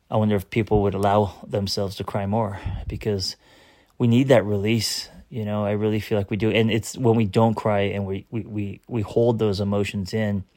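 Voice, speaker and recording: A man's voice: lowish voice, darkish tone, no room sound, clean studio sound. A man, a therapist hosting his own show, talking through a personal moment in a casual, earnest, rambling way with frequent restarts. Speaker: therapist and podcast host. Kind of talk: casual reflective monologue.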